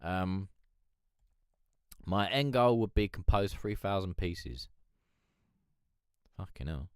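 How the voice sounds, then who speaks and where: Live-stream host, man, low droll Eeyore voice, casual and sweary, close dry mic. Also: lively intonation, slow, smooth, no echo. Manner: chatty, swearing, laughing, reading chat aloud. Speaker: livestream host.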